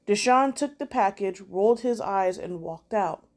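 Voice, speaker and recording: A woman reading a Christmas story aloud at a church, calm and measured. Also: medium pitch.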